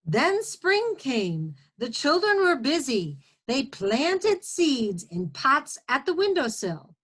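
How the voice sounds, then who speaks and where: A woman reading a picture book aloud to children at story time, expressive and animated. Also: high voice, slow.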